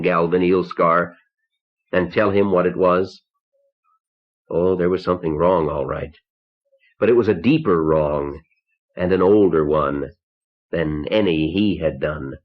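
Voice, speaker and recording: A man narrating a short story in the first person, measured and somber, on a dull old cassette tape. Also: deep voice. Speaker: audiobook narrator.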